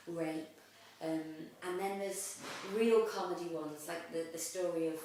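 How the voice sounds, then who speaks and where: Chatty actress, echoey room. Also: female voice, on the low side, a little hiss or hum. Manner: chatty and lively, laughs often, many "um" fillers. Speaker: actress guest. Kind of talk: casual interview chat. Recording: echoey room, mic at a distance.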